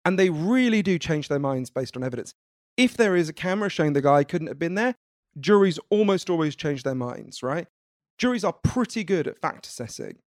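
A man from the United Kingdom, a guest author in an interview, explaining ideas in an animated, lively way. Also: fairly high pitch, brisk, no echo, clean studio sound. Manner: animated, explanatory, laughs easily. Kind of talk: conversational interview.

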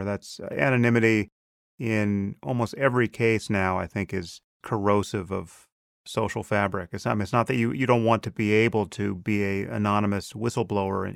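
A male host asking measured questions and agreeing with his guest. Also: on the low side, vocal fry, dry recording, clean studio sound. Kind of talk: conversational interview.

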